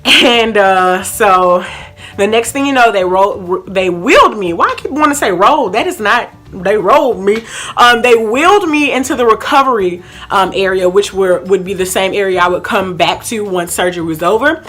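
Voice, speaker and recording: A young woman telling a chatty storytime vlog, animated and full of fillers, acting out quotes as she goes. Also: medium pitch, moderate pace, soft background music. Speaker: vlogger.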